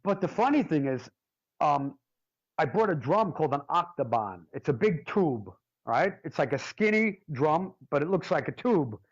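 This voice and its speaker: A man, a drummer being interviewed, telling stories in a casual, animated and jokey way and swearing freely. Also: a little high, moderate pace, dull audio. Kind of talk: casual storytelling.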